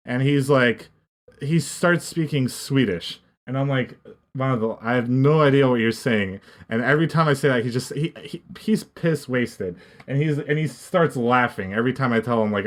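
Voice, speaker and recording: A man's voice: mid-range voice, normal speed. A young man and podcast guest, telling a casual story in a rambling way with many restarts. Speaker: podcast guest, esports coach.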